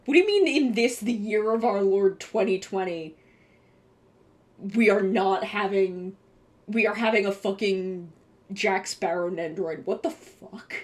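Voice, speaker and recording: A young adult woman chatting casually on a live stream, excitable and swearing, with bursts of gushing. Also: mid-range voice, a little slow.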